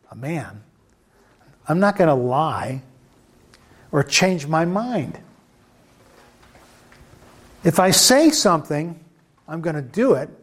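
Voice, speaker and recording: A man preaching a sermon, emphatic, who repeats phrases and asks the listeners questions. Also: high-pitched.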